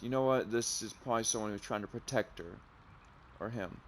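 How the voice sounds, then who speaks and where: A man's voice: on the low side, normal speed, a little hiss or hum. A man doing let's play commentary, reading in-game notes aloud and musing over them. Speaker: gamer.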